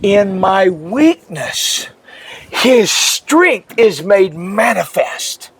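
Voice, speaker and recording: A man's voice: sits high, sing-song, extremely slow, fairly bright tone, a little hiss or hum. A male pastor giving an earnest, emotional testimony and laughing now and then as he tells it. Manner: earnest, laughs through his story. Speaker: pastor, guest.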